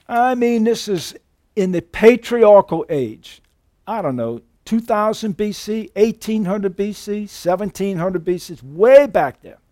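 High-voiced animated man preaching. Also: no echo, clean studio sound. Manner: animated preaching, folksy asides, frequent self-restarts. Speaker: pastor. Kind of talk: sermon.

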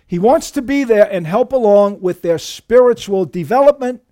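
A man preaching a sermon as pastor, emphatic and lively, often calling his listeners dear friends. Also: moderate pace. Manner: emphatic preaching with lively shifts in pitch and volume.

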